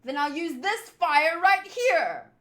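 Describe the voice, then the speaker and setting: A woman's voice: very high-pitched, very animated, slow, sharp tone, pitched above the performer's own voice, heavily acted. A woman voicing a brash young male hero who stands by his friends, reading a comic aloud. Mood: determined.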